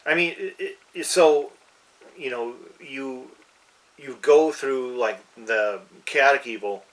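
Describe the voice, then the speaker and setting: A man's voice: medium pitch, slow pace, recorded from a distance, low-quality recording. A man co-hosting a casual podcast chat, easygoing and agreeable, chiming in and summing things up. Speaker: player and co-host.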